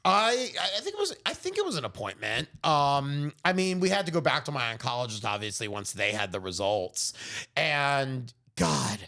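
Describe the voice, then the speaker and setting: A man in his thirties co-hosting a podcast, telling a story in casual chat, animated and swearing freely. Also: mid-range voice, moderate pace. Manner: animated, swearing, acts out quoted voices. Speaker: podcast co-host.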